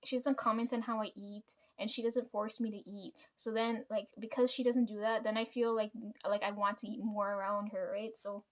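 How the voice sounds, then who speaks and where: A woman's voice: mid-range voice, level tone, normal speed. A woman telling a rambling family story to her camera, swearing often and laughing between thoughts. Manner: rambling, frequent swearing, chatty asides. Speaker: vlogger.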